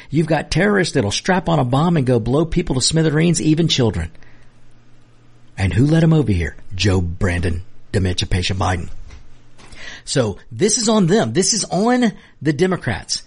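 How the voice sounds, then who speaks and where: A man's voice: mid-range voice, breathy edge. A man delivering a heated opinion monologue as a political commentary host, emphatic and repetitive. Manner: impassioned, emphatic, repeats himself.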